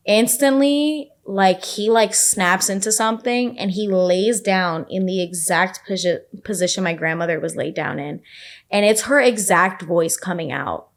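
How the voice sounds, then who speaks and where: Young woman, podcast guest, casual storytelling, filler-heavy talk, mid pitch.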